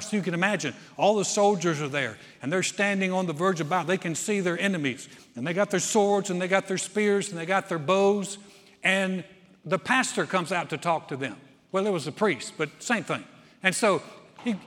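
A man preaching a sermon, telling a story with acted-out voices and swinging from loud to hushed. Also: high-pitched, brisk. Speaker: pastor. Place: large church sanctuary. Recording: long hall reverb.

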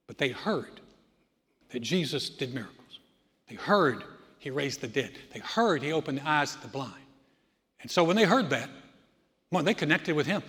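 A man preaching a sermon, telling the story with animated voices for the people in it. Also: a little high, long reverb tail. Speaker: pastor.

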